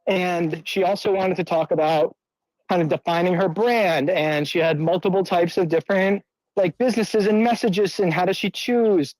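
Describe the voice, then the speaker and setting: A man's voice: high-pitched, steady tone, normal speed, a little mellow, dry recording, rough recording. A man speaking up in a live audio room through earbuds, talking in a reflective way and swearing for emphasis. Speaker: guest speaker.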